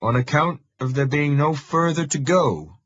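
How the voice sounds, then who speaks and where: A wry rustic countryman gives directions with dry matter-of-fact wit, as a male narrator puts him on. He is raised in pitch and louder than the narration, with a husky edge. The audiobook sound is dull and dry. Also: normal speed, dry recording.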